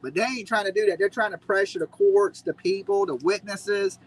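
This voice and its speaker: A man's voice: high voice, normal speed, poor audio. A man hosting a live stream, ranting in a mocking, combative way. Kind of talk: heated casual commentary.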